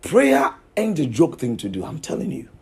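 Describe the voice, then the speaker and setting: A man's voice: a little high, wildly swooping pitch, moderate pace, vocal fry, a little mellow. A man preaching a sermon, emphatic, repeating himself and asking his listeners questions.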